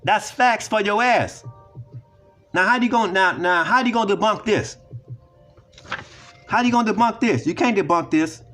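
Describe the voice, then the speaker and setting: A man's voice: sits high, normal speed, pauses often, fairly bright tone, soft background music. A man ranting in a video commentary, profane and repetitive as he lectures emphatically. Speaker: online commentator.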